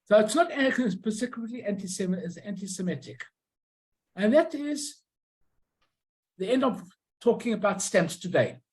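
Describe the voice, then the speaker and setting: A middle-aged woman giving an informal illustrated lecture on postcards, who often pauses to search for her words and tells anecdotes along the way. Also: mid-range voice, lively intonation, darkish tone, poor audio.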